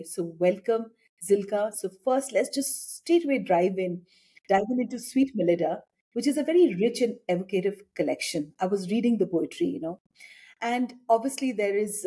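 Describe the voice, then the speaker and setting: A woman's voice: mid-range voice, mellow, husky. A woman hosting a podcast who introduces her guest and asks long, searching questions with many fillers. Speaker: podcast host. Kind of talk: interview hosting.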